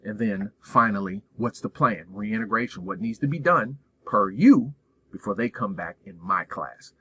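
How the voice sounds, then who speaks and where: A man's voice: fairly low pitch, lively intonation, normal speed, fairly bright tone, breathy edge, no room sound. A man speaking as a school administrator, giving a direct, emphatic professional development talk full of rhetorical questions.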